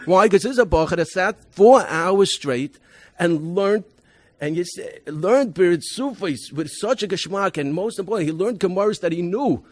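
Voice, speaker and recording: With a high, animated voice that is a little mellow, a rabbi speaks at a moderate pace with no room sound. His convention talk presents a school program through emphatic stories about students, marked by restarts and Hebrew and Yiddish terms.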